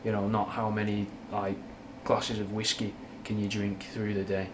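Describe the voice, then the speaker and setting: A man's voice: on the low side, completely flat delivery, moderate pace, noisy background. A young man with a Mancunian accent and a slight Scouse twang, chatting frankly and rambling through viewers' questions, using slang and swearing. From Manchester, England. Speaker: livestream host answering chat. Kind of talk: casual livestream chat.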